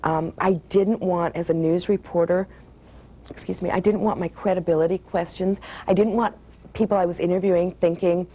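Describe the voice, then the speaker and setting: A woman's voice: lowish voice, steady tone, moderate pace, dark tone. A woman author from the United States, reading from her novel and chatting about her writing with many fillers.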